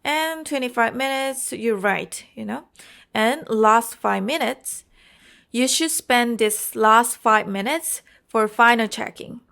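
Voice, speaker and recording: Woman, Korean accent, exam-prep teacher, unhurried, explains step by step. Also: fairly high pitch, vocal fry, fairly bright tone. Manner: explains carefully, often checks with "okay?" and "you know". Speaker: IELTS teacher.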